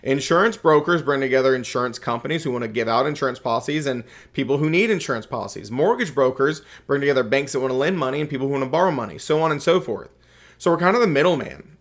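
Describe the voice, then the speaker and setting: A man with a Southern US accent lectures his class in a folksy, joking way. He talks at a middling pitch, like an instructor walking students through the basics. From Southern United States. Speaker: real estate instructor.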